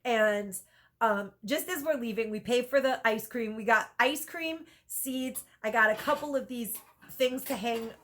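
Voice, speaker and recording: A woman vlogger telling a rambling, animated story in casual chat, with lots of "like" and laughter. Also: a little high, unhurried.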